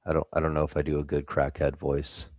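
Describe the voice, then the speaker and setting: A man's voice: a bass voice, monotone, fast, a little mellow, dry recording, clean studio sound. A young man hosting a live trading stream, giving blunt, casual market commentary and swearing freely.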